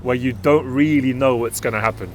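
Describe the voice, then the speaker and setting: A man with a London accent co-hosting a casual football chat, relaxed, leading segments and talking to viewers. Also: medium pitch, fairly quick, slight background noise. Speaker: podcast co-host.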